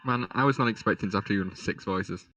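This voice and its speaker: A man's voice: lowish voice, quick pace, a bit bright, no room sound, recorded from a distance, rough recording. A man chatting casually with friends in a laid-back way, recorded dry and a little away from the mic.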